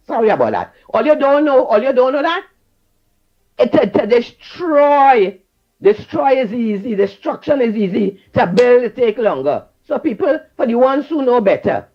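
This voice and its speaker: Fiery Trinidadian man calling in. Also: extremely high pitch. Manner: fiery, repetitive, preachy. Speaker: caller. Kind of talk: call-in radio rant. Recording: dull phone line.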